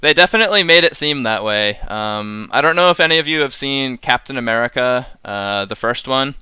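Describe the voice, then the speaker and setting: Male streamer, rambling and chatty, with a bright forceful tone and a dry close sound. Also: medium pitch, animated, brisk, clean tone, no room sound. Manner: rambling, chuckles often, chats with viewers. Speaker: streamer reviewing game cards. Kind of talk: casual live-stream commentary.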